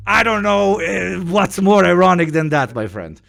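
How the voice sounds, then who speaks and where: A man from Europe, hosting a casual chat and telling stories in an animated, profane way. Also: high voice, moderate pace, gravelly. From Eastern Europe. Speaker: stream host.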